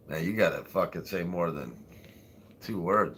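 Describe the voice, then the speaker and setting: A man's voice: low-pitched, a little slow, a bit bright, a little hiss or hum. A man hosting a casual livestream, rambling and swearing as he chats with viewers and laughs often. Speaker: livestream host.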